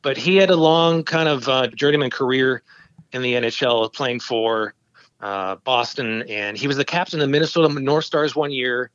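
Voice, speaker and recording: A man's voice: medium pitch, normal speed, dry recording, muffled recording. A man in his fifties, a podcast host, telling stories in casual chat and acting out quotes. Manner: storytelling, animated quoting.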